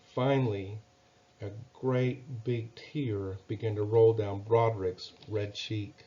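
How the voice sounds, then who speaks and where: Slow gentle man reading a children's story. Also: fairly low pitch, lo-fi sound. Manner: gentle, expressive, asks listeners questions.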